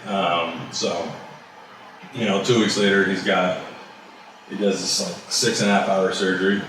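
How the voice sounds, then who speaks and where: A man's voice: deep voice, flat delivery, a little slow, background noise. A man, a guest on an interview show, telling a personal story in a loose, casual way full of fillers and the odd swear word. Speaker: barbecue business owner, guest. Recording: very echoey room, voice far from mic.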